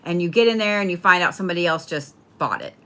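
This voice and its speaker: A woman chats her way through a horoscope reading, blunt, playful and quick to swear. Her voice is bright and forceful, sitting a little low for a woman. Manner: blunt, profane, chatty, playful. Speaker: tarot and astrology reader. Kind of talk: casual spoken horoscope reading.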